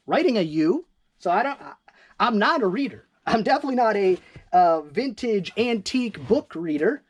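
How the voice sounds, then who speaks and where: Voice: medium pitch, darkish tone. A chatty eBay reseller from northern Michigan, rambling casually through their sales while moving around a home storage room. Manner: rambling, chatty, self-deprecating. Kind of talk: casual vlog.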